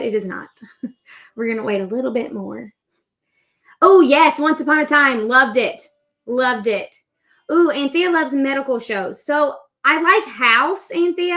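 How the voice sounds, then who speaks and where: A woman's voice: a little high, a bit bright. A woman in her thirties hosting a crochet livestream, chatting in a rambling, upbeat way while she works. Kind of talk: casual chat while crocheting.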